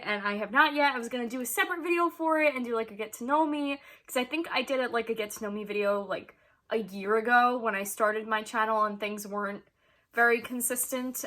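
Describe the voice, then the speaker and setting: A woman's voice: on the high side, bright, forceful tone. A young woman chatting casually to her camera as a vlogger, rambling with many ums and frequent laughs.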